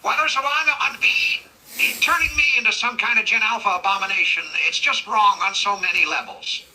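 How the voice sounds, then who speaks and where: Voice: mid-range voice, a little fast, pushed and bright, low-quality recording. A synthetic voice playing a proud middle-aged male cartoon detective who complains in a huffy, exasperated way. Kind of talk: AI character chat role-play.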